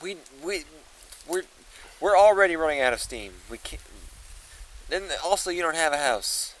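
A man's voice: fairly high pitch, animated, normal speed, a bit bright. A man co-hosting a casual podcast in a cabin, with a laid-back, profane and mumbling way of talking. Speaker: podcast co-host.

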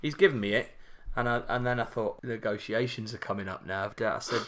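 A man's voice: lowish voice, fairly even intonation, fairly quick, fairly bright tone. A man on a podcast telling a funny anecdote in casual chat, swearing and laughing at himself. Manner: wry and swearing, laughs at his own anecdotes. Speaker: podcast co-host.

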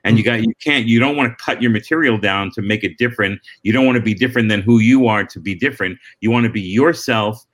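A middle-aged man, a comedian, answering interview questions in relaxed storytelling with frequent restarts and asides. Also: lowish voice, quick pace, hardly any pauses. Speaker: comedian and former talk-show warm-up act.

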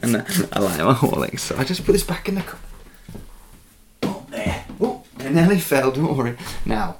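A man in a home kitchen talking through a drink recipe in a soft, chatty, giggly whisper, with cutlery and dishes clattering. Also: fairly high pitch, sing-song, moderate pace, background noise. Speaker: ASMR creator. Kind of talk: whispered ASMR cooking demo. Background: cutlery and dish clatter.

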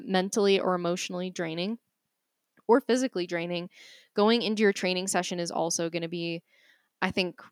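A woman's voice: mid-range voice, smooth, no room sound, studio quality. A woman with a Boston accent co-hosting a casual podcast chat, giving practical nutrition advice with frequent laughs. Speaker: podcast co-host, nutrition coach.

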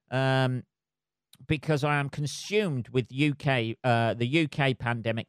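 A man hosting a podcast on his own, rambling in a sweary, self-mocking casual monologue from his flat at home. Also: mid-range voice, clean tone, dry recording, studio quality. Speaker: podcast host. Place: flat at home below noisy neighbours.

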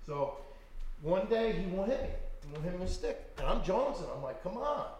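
A man, an author guest, telling his stories in conversation in a lively, profane way and acting out what people said. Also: sits high, fairly quick, very echoey. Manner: animated, profane, acts out quotes. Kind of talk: storytelling in conversation.

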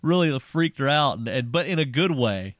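A man's voice: mid-range voice, moderate pace, no echo, clean studio sound. Chatty man retelling a story. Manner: animated storyteller, many restarts. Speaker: podcast co-host. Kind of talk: casual film chat.

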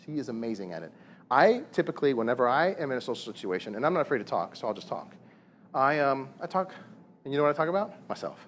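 Animated preacher man, lively voice. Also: medium pitch, fast talker, slight background noise. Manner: animated, repeats words, asks rhetorical questions. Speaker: pastor. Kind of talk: sermon.

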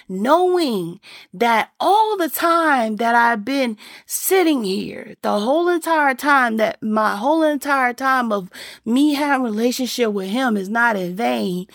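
A woman's voice: on the high side, creaky, no room sound, clean studio sound. A middle-aged woman giving a heartfelt faith testimony, earnest and rambling, full of fillers. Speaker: speaker sharing faith testimony.

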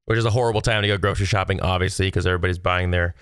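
A man with a lowish, smooth, resonant voice talks straight to his viewers in a loose monologue. He rambles and rants in exasperation, full of "uh" and "I mean". The sound is close and dry, with no room around it. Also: steady tone, rapid-fire, a bit bright, no echo. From Texas. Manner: rambling, exasperated ranting with many fillers. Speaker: solo video host. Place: at home.

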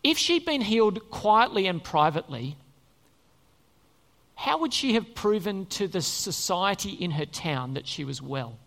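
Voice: mid-range voice, sing-song, a little slow, a bit bright. A preacher giving a conversational sermon and often asking the congregation questions. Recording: long reverb in a church hall.

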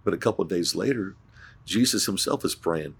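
A man with a very low, gravelly voice and a husky edge tells a story in a relaxed podcast chat. He speaks earnestly as a pastor and acts out the dialogue. He often restarts his sentences. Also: fairly quick. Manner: earnest, retelling scenes with quoted dialogue, frequent restarts.

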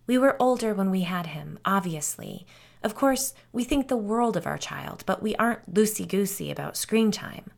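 A woman's voice: mid-range voice, expressive, normal speed, vocal fry, pitched above the performer's own voice. Woman narrator playing a worried older mom, earnest, explains at length, slightly lifted voice. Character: anxious, earnest older mother.

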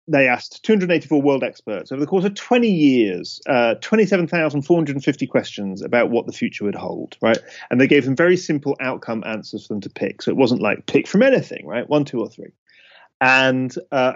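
A man talking as a podcast guest, at a middle pitch, explaining with emphatic, animated energy. He keeps checking that the listener is following. The recording sounds somewhat dull and lo-fi. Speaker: podcast guest, speaker on risk.

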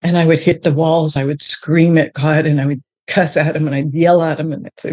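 A woman's voice: sits low, fairly even intonation, warm tone, dry recording. Earnest woman with a dry, close sound. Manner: earnest and emotional, halting with many restarts. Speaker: guest sharing her testimony. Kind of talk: personal faith testimony in a podcast conversation.

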